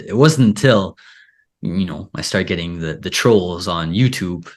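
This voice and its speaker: A man's voice: low voice, lively intonation, measured pace. A man hosting a casual interview, talking in a rambling way full of filler "like". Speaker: podcast host and Spanish teacher.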